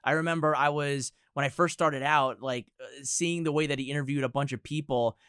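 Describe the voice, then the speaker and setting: A man's voice: fairly high pitch, steady tone, brisk, a bit bright, clear, resonant tone, no echo, studio quality. A young man as a podcast guest, talking in a rambling, hedging way full of filler words. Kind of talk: casual podcast chat.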